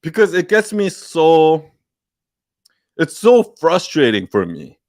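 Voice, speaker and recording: A man's voice: fairly high pitch, huge pitch swings, slow, darkish tone, no echo, studio quality. A man hosting a live Q&A, giving a blunt, profane, fired-up pep talk and mocking people's excuses in whiny put-on quotes. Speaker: host of a live Q&A. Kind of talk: unscripted livestream pep talk.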